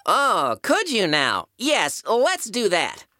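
A level-headed cartoon tomato, as a voice actor plays him, patient but a little fussy, hosting a kids' podcast. His voice sits mid-range yet moves a lot in pitch, with music playing behind. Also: wildly swooping pitch, takes it slowly, pushed and bright, dry recording, clean studio sound, heavily acted. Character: sensible male tomato, patient and slightly fussy. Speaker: co-host.

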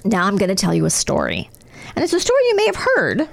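A woman co-hosting a casual chat show, reading out a news story and breaking off into playful jokes. Her pitch is moderate but bounces around a lot, which gives her delivery a lively, animated feel. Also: fast talker, creaky. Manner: joking, playful asides, laughs often. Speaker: podcast co-host.

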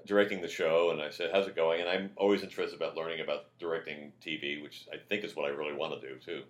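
A man on a podcast, telling long anecdotes in a rambling, animated way and acting out quotes in a loud voice. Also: rumbling low, quick pace. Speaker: podcast guest. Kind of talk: casual anecdotal storytelling. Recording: roomy echo.

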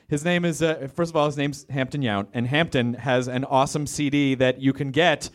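A man's voice: mid-range voice, steady tone, normal speed. A man hosting a stand-up showcase on a club stage, rambling and self-deprecating as he introduces the next act. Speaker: comedy show host. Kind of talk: stand-up emcee.

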